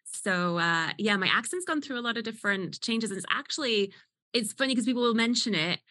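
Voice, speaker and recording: Bright well-spoken English woman. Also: a little high, lively intonation, fairly quick, no room sound. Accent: well-spoken northern English. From England. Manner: chatty, laughs often. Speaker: guest. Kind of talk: casual chat.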